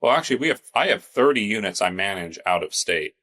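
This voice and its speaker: A man's voice: on the low side, expressive, quick pace, pushed and bright. A man from California co-hosting a podcast, telling rambling stories in casual chat. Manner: rambling storytelling, laughs easily. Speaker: podcast co-host.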